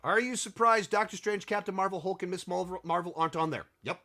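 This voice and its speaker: A man's voice: high voice, fast talker, bright, forceful tone. A man hosting a casual commentary video, answering viewer questions, rambling and thinking aloud with many restarts and sarcastic stretches.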